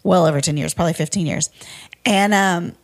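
A woman's voice: on the low side, a little fast. A woman co-hosting a podcast in casual chat, adding short agreements and telling her own side of the story. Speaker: podcast co-host.

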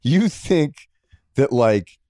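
A man's voice: extremely slow, no echo, clean studio sound. A middle-aged man, a podcast guest, talking sports in a casual, sarcastic way. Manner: animated, sarcastic, jumping between high and low.

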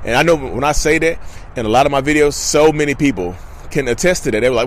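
A man's voice: medium pitch, fast, a little hiss or hum. A man vlogging to his viewers in casual commentary, emphatic and repetitive and calling them y'all.

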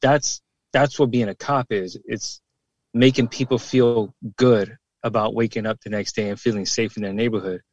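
A man's voice: on the low side, steady tone, moderate pace, no room sound, muffled recording. A former police officer in his forties, talking bluntly and emphatically in a casual podcast conversation, with plenty of swearing and repeated words.

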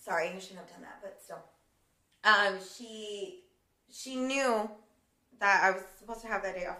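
Woman co-host, animated and profane, recorded in a roomy space. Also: mid-range voice, moderate pace, long pauses. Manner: animated, swears freely, laughs often. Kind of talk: casual chat.

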